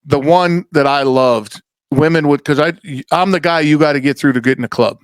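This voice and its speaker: A man with a slightly higher voice spins profane, rambling stories in a casual podcast chat, slipping into the voices of the people he describes. He talks into a close mic with a dry, dead sound and no room around him. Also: normal speed, clean tone, no echo. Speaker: podcast host.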